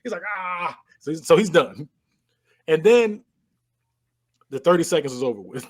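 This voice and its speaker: A podcast co-host with a husky, high-leaning voice speaks animatedly at normal speed. His casual movie recap retells the film scene by scene, full of sound effects and laughter.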